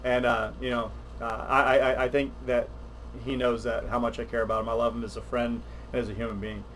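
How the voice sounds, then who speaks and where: An older man, chatting on a podcast livestream, rambling and animated with many restarts. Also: medium pitch, fairly quick, slight background noise. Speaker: podcast co-host. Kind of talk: casual chat on a livestream.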